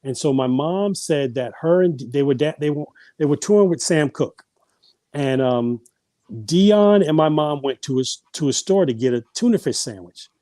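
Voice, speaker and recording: A man with a warm, mellow voice tells family stories as a podcast guest, circling back and restarting his sentences. His voice is recorded close and dry, with no room sound around it. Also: fairly high pitch, animated, normal speed, dry recording. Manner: rambling, frequent restarts and repeated words. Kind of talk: casual storytelling.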